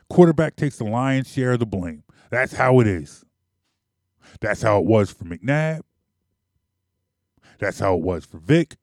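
Philly-sports talker, opinionated and insistent, mid-pitched, dry sound. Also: male voice, darkish tone, dry recording. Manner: emphatic, repetitive, argumentative. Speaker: sports commentator.

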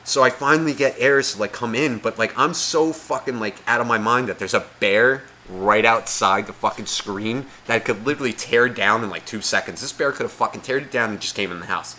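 A man's voice: medium pitch, a little fast, few pauses, pushed and bright, slight background noise. A man co-hosting a podcast, telling a story in casual chat, swearing a lot and acting out the voices of the people in it. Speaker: podcast co-host.

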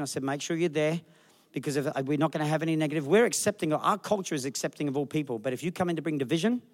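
A middle-aged man preaching a sermon as a pastor, telling jokey stories and putting on voices for the people he quotes. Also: on the high side. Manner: jokey, animated storytelling with put-on quoted voices.

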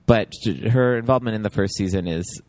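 A man's voice: fairly low pitch, brisk, darkish tone, dry recording. Rambling man, dry close sound. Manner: rambling, many fillers and laughs. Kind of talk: casual chat about a TV show.

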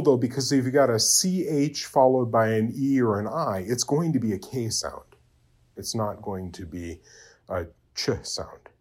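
A man giving an informal spoken Latin lesson, hesitant and full of fillers, slowly sounding out example words and checking in with "okay?". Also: fairly low pitch. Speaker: Latin teacher.

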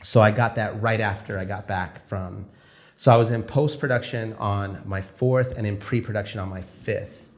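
A male film director telling a story casually, acting out the conversations he quotes. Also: on the low side. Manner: animated, acts out dialogue in quick quoted exchanges.

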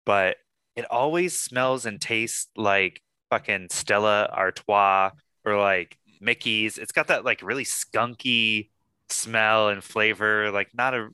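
A man's voice: lowish voice, slow, sharp tone, clear, resonant tone, no echo. A man hosting a casual podcast chat, rambling and swearing freely as he talks. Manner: chatty, profane, rambling asides. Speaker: podcast host.

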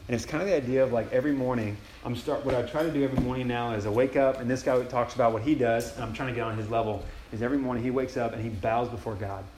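A man's voice: mid-range voice, fairly even intonation, very fast, few pauses, a little mellow, slight background noise. A young man giving a casual, enthusiastic retreat sermon, acting out inner prayers as he goes. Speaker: campus ministry speaker. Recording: echoey room with faint ambience.

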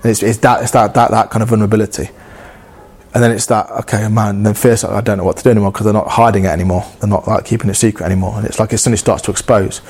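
A man's voice: on the low side, level tone, racing, darkish tone, slightly rough. A man preaching a sermon in an earnest, conversational way, often acting out inner dialogue and repeating phrases.

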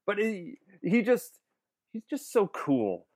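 A man's voice: high voice, very animated, slow pace, darkish tone. A man co-hosting a casual film podcast, enthusiastic and rambling, restarting his sentences often. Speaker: podcast co-host.

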